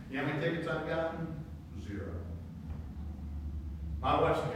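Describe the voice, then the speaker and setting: A man's voice: on the high side, animated, a little slow, noisy background. A man preaching a sermon to a congregation, telling folksy stories with rising emphasis. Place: church sanctuary. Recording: echoey church hall from a distance.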